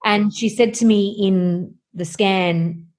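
A woman's voice: medium pitch, slow. A woman, a guest candidly telling a personal story and acting out the conversations in it. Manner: animated, acts out quoted dialogue. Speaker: guest sharing her story.

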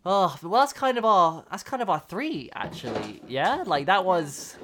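A man's voice: sits high, big pitch swings, measured pace, fairly bright tone, slight background noise. A young man co-hosting a relationship podcast, chatting casually with lots of fillers and frequent laughs. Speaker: podcast co-host. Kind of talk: casual chat.

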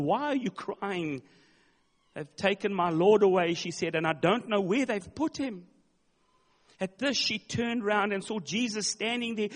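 High-voiced man preaching in a reverberant hall. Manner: emphatic, dramatic retelling with repeated words. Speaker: pastor. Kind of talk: sermon.

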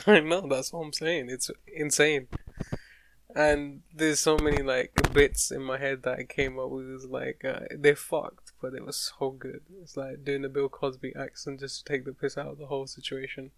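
A man's voice: medium pitch, little pitch movement, moderate pace, gravelly, slight background noise. A young man in casual podcast chat, joking, swearing and laughing often. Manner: laid-back banter with frequent laughter and swearing.

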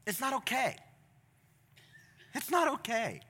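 A middle-aged male pastor preaching a sermon from a church stage, passionate, moving from quiet storytelling to loud, emphatic appeals. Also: very high voice, wildly swooping pitch, takes it slowly.

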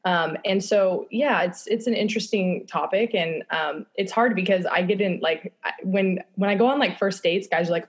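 A woman's voice: medium pitch, normal speed, few pauses. A young woman talking candidly on a podcast, casual, with lots of fillers and swearing. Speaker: guest.

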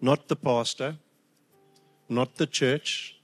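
A man's voice: mid-range voice, fairly even intonation, slow, soft background music. A man delivering a sermon to his congregation. He speaks with heartfelt emotion, stumbling over restarts and then building to emphatic peaks. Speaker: preacher.

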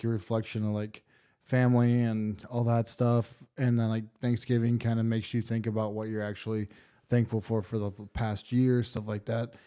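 A man's voice: mid-range voice, dark tone. A man co-hosting a casual podcast chat, telling stories in a laid-back way with many fillers. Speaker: podcast co-host.

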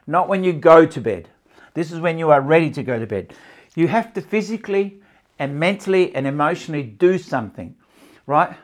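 A man's voice: fairly high pitch, expressive, normal speed. A man teaching stress relief and better sleep in a live talk to a small audience and a camera, repeating his points and checking that they follow.

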